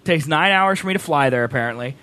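A man's voice: on the high side, fast talker. A young man co-hosting a podcast, chatting casually with rambling jokes. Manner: joking, rambling, animated. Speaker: podcast co-host. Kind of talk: casual chat.

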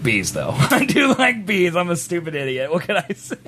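A man's voice: a little high, wildly swooping pitch, moderate pace, pushed and bright, a little hiss or hum. A man casually chatting with a co-host about a movie trailer, joking and laughing often. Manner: laughing, jokey, puts on silly fake British accents. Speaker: podcast co-host.

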